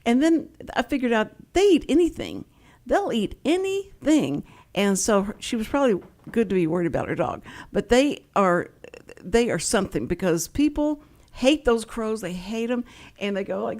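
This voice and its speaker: A woman's voice: fairly high pitch, sing-song, normal speed, a little mellow. Chatty woman radio host. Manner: chatty, rambling storyteller, playful. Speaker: radio talk show host. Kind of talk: casual chat.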